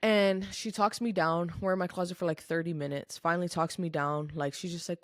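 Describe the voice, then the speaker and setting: Speaking briskly in a lowish voice with a steady tone, a young woman guest recounts a personal story on a podcast. She's earnest and emotional, candid throughout, and peppers her speech with "like" and other fillers. Dry, studio-quality recording.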